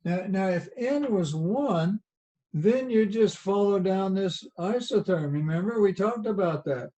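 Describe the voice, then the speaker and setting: A man's voice: high-pitched, expressive, unhurried, dark tone. A man with a Southern US accent teaching a college lecture over a video call, chatty and folksy, asking rhetorical questions as he explains. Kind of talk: online lecture.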